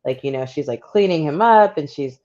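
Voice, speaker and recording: A woman's voice: low-pitched, expressive, brisk, crowd noise. Rambling woman on dull lo-fi audio. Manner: rambling, full of "like" and restarts. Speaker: book club podcast co-host. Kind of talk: casual chat.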